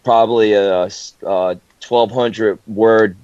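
A man's voice: on the low side, fairly even intonation, slow, darkish tone, dry recording, highs cut off. A man co-hosting a casual podcast chat, hesitant and full of fillers. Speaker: podcast co-host.

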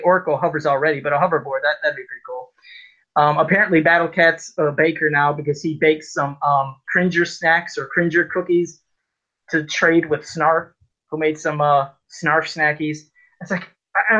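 Male podcast co-host, fed-up rambling recap, bright slightly high voice, dull lo-fi audio. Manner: exasperated, rambling recap with fillers. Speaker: podcast co-host reviewing comics. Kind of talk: casual podcast chat. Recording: dull lo-fi sound.

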